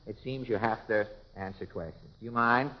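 A man's voice: fairly low pitch, moderate pace. Wry man hosting an old radio show. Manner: wry, joking banter. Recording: dull old radio broadcast with faint hiss and long reverb.

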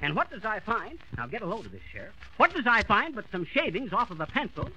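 A man's voice: sits high, wildly swooping pitch, quick pace, sharp tone, dull audio, exaggerated voice. A man playing a boastful small-town braggart in a 1940s radio comedy, folksy and blustering. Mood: bragging. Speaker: comedy lead.

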